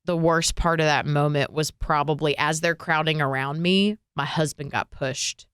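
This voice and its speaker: A young woman with a low, smooth voice tells a personal story on a podcast. She talks in a casual, animated way, with plenty of fillers and emotion. The recording is dry and close. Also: moderate pace, dry recording. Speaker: radio and podcast co-host.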